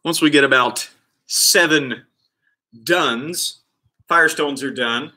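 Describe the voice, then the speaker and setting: A man with a fairly high, sharp voice speaks slowly while running a live online exercise class for kids as their PE coach, counting reps and encouraging each child by name.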